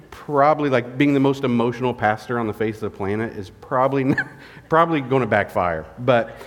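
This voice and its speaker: Tired man preaching in a church hall. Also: mid-range voice. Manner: candid, tired, halting with many fillers. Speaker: guest pastor. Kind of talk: sermon. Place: church sanctuary. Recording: long reverb of a church hall.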